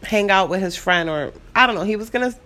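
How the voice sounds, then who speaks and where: A young woman with a New York City accent, rambling through a story in a casual, animated way and swearing freely. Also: medium pitch, quick pace. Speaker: vlogger.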